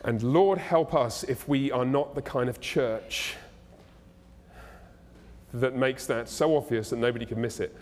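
A male pastor preaching a sermon in a conversational, animated and humorous way, in a church. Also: mid-range voice, measured pace, long pauses. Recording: echoey hall.

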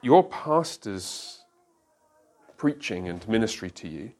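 A man's voice: fairly low pitch, big pitch swings, slow, a little mellow. A middle-aged man, a pastor, teaching a church class in a conversational way and often checking that listeners follow.

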